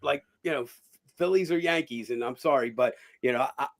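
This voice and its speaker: A middle-aged former boxer, appearing as a guest in a casual interview, tells stories as an animated raconteur who acts out other people's lines. His voice is medium-pitched and a little fast.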